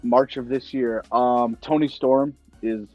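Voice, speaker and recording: A young man hosting a casual chat, telling lively anecdotes and acting out the voices of people he quotes. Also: mid-range voice, takes it slowly, no room sound, highs cut off, soft background music. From United States. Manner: animated storyteller, acts out quoted voices. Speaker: podcast host.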